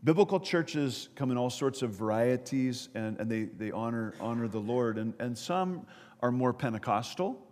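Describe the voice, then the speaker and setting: A man giving a sermon as pastor, talking to the congregation in a chatty way with repeated words and quick asides. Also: mid-range voice, expressive, darkish tone, in a large hall. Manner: conversational preaching with repeated words and audience asides. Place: church sanctuary.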